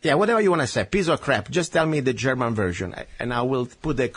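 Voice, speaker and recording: A man's voice: medium pitch, expressive, fast, fairly bright tone, slightly rough. A man from Italy with an Italian accent, hosting a talk radio show in a sarcastic, ranting, emphatic way. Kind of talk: talk radio chat with a guest.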